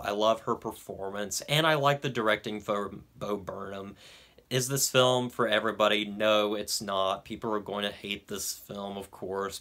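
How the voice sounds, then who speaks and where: A man's voice: on the low side, bright, forceful tone. A young man giving a casual film review, hesitant, with frequent ums and restarts. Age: young adult.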